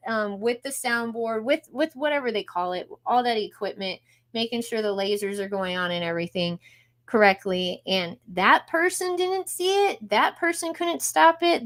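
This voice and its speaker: A young woman live streaming, chatting casually to her viewers as she reacts to videos. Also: on the high side.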